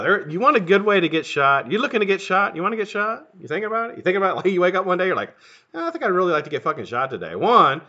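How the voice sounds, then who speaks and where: A loud, excitable man hosting a live stream, his voice bright and bouncing up and down in pitch as he greets viewers by name. He swears freely and laughs at his own stories. The audio is dull and lo-fi. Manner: profane, excitable, laughing often, shouting names to greet viewers. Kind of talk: casual live-stream chat.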